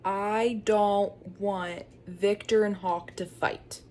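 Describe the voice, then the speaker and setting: A young woman vlogging about a book she is reading, thinking aloud and reacting with giggles, gasps and sudden high exclamations. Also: steady tone, drawn-out words, a little mellow, a little hiss or hum. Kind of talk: casual reading vlog.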